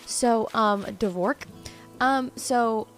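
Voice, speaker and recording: A woman streamer chatting casually with her audience, her voice sitting a little high. She is playful and swears freely, laughing between remarks. Soft music plays behind her. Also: very slow. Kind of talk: casual chat with viewers.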